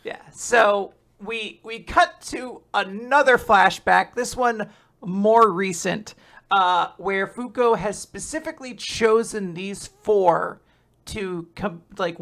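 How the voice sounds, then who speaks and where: Woman podcast co-host, casual and jokey, slight vocal fry, mid pitch. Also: a bit bright. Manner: jokey, laughs often, quick asides. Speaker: co-host of a manga recap podcast. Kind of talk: casual podcast chat and chapter recap.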